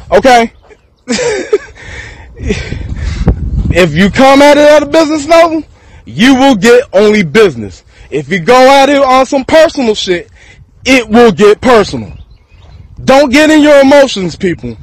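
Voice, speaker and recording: A man's voice: very high voice, rough recording. A man from Texas, rambling through a profane freestyle rant to camera and laughing between thoughts.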